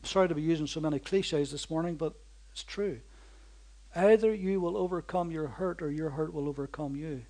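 A man preaching a sermon, swinging from loud bursts to slow, hushed lines and driving points home with rhythmic repetition. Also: a little high.

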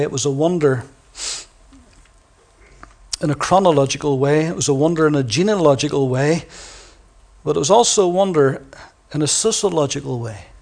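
Guy preaching in church, kinda high voice, leans hard on words, slows way down to hit them. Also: gravelly. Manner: emphatic, slows down to stress key words; reads scripture quietly and softly. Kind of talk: sermon.

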